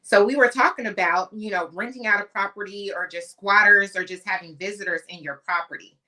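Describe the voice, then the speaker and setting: A woman's voice: medium pitch, brisk, bright, forceful tone. A woman from the US West Coast co-hosting a podcast, chatty and emphatic as she tells stories. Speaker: podcast co-host. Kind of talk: casual podcast chat.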